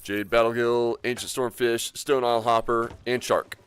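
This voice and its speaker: A man casually commentating his game stream, relaxed and rambling, often chuckling as he talks. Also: mid-range voice, normal speed, clear, resonant tone.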